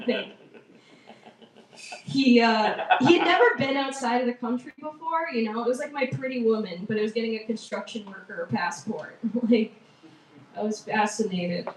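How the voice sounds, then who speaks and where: A woman's voice: fairly high pitch, normal speed, distant mic, a little hiss or hum. Chatty self-mocking woman doing stand-up. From small town in Massachusetts. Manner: chatty, self-mocking, often laughs at her own jokes. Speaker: stand-up comedian. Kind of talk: stand-up comedy set. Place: live comedy open mic venue. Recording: roomy live venue, voice from afar.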